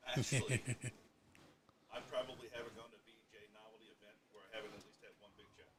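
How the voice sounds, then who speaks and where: A man chatting casually at a darts event, telling quick offhand stories. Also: fairly low pitch, steady tone. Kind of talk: casual chat. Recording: distant roomy mic with loud crowd.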